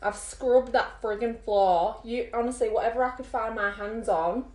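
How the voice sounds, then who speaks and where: Woman, makeup vlogger, rambling animated storyteller, fairly high voice, roomy echo. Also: normal speed. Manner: animated, rambling, lots of fillers. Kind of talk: chatty storytelling.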